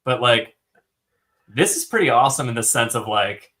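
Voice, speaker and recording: A man co-hosting a podcast, chatting excitedly about a fantasy book, swearing often and filling his talk with "like". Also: medium pitch, normal speed. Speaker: podcast co-host. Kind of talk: casual book discussion.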